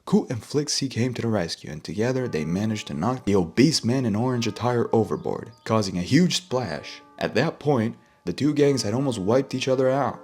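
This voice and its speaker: A man's voice: lowish voice, darkish tone. A man narrating an audiobook in a casual, slangy reading style. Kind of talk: storybook narration.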